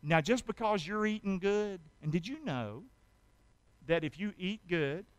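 Pastor preaching hard, high smooth voice, keeps asking the crowd stuff, dry sound. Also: male voice, lively intonation, a little slow, no echo. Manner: emphatic, asks the congregation questions and answers them himself; reads scripture aloud dramatically. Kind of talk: sermon.

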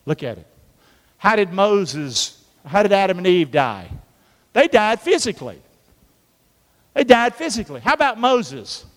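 A man preaches with a lively, swooping delivery and calls on the crowd to repeat lines back to him. His voice sits fairly high for a man. The sound carries the long reverb of a large church hall. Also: a little slow. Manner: animated, call-and-response preaching with acted-out biblical voices. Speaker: pastor. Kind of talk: sermon.

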